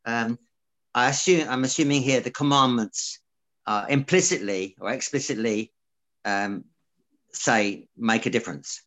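A man in the class asks a question, halting and full of pauses and restarts. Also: medium pitch, a bit bright. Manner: halting, many fillers and restarts. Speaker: student in class.

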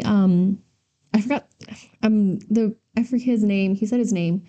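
Animated storytelling woman, mellow tone. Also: mid-range voice, a little slow. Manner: animated storyteller, uses "y'all" and "like". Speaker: podcast co-host and trainer. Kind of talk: casual storytelling chat.

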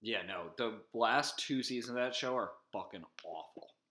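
A man's voice: mid-range voice, normal speed, sharp tone. Blunt, swearing young man co-host. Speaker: podcast co-host. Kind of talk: casual chat.

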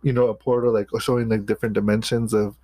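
A man's voice: fairly low pitch, flat delivery, fast talker, warm tone, no room sound. A man co-hosting a podcast in casual chat, rambling and hesitant with many restarts. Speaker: podcast co-host.

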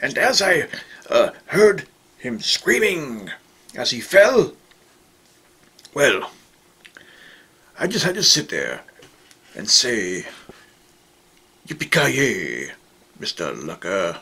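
A man spins a comic story, rambling and oblivious, his bright, sharp voice swooping up and down with huge energy. His delivery is bumbling and full of quaint, old-fashioned turns of phrase. His pitch sits a touch above the average man's, and faint music plays behind him. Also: wildly swooping pitch, slow, long pauses, husky. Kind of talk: comedic first-person story monologue.

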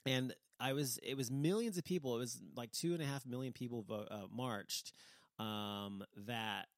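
A man's voice: medium pitch, moderate pace, dry recording. A man giving a casual opinion monologue, rambling and heated, swearing freely and restarting his sentences a lot. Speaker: vlogger. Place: lives in Dallas, Texas.

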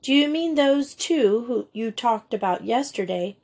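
A woman reading aloud voices a cheerful schoolgirl who explains things earnestly and quickly. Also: on the high side, lively intonation, darkish tone, husky, heavily acted. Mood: eager.

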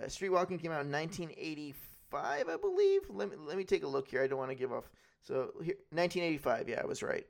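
A man co-hosting a podcast in casual chat, rambling and swearing freely as he retells film scenes. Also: fairly high pitch. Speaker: podcast co-host.

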